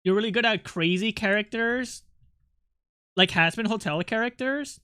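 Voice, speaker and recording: A live streamer talks casually with chat in a bright, sharp voice, close on a desk microphone. The sound is dry, with no room echo. The talk rambles from joke to joke, swearing freely and breaking into laughs. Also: mid-range voice, moderate pace, clean tone. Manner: rambling and joking, swears a lot, laughs often. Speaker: art streamer chatting with viewers.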